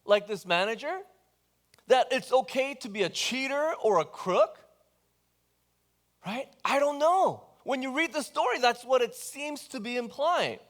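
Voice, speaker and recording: Male pastor, sermon, conversational, high-pitched, animated, questions the congregation. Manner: animated storytelling.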